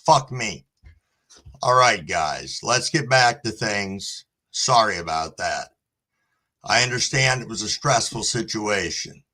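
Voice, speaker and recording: Man, live stream host, slow delivery, bright forceful tone, laid-back, profane. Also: on the low side, lively intonation. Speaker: livestream host. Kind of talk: casual livestream chat.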